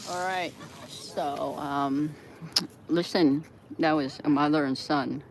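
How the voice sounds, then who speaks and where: A woman's voice: low-pitched, fairly even intonation, slow pace, heavy background noise. A woman live-streaming from an outdoor seaside plaza, chatting in a rambling way, laughing often and breaking into sudden outbursts.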